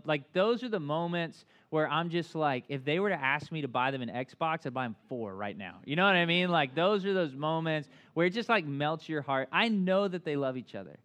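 A man preaching a conversational sermon as pastor, animated and full of asides, often checking in with "right?". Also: fairly high pitch.

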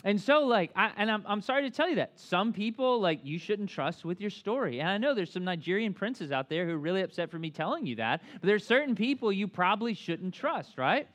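Chatty pastor, man with a high voice. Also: fairly quick, few pauses. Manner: animated and chatty, full of asides; often asks "right?" and "like". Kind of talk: conversational sermon.

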